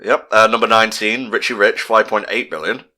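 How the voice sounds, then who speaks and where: A man's voice: on the low side, fairly even intonation, fairly quick, bright, forceful tone. A young man chatting casually on a movie commentary, rambling with lots of fillers as he reads through a list. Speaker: commentary co-host.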